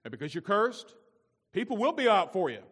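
A male pastor preaching a sermon, repeating his points and swinging between loud emphasis and quiet intensity. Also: high-pitched, big pitch swings, a little fast. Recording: long reverb of a large hall.

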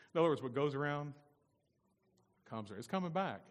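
A man's voice: fairly high pitch, animated, a little fast, pauses often, long reverb tail. A man pastor delivering an emphatic sermon with call-and-response asides. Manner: emphatic, call-and-response, rising to loud peaks.

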